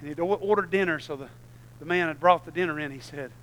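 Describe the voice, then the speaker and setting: A middle-aged man, preaching a sermon that swings between low conversational asides and loud, shouted passages. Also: quick pace, a little hiss or hum, poor audio.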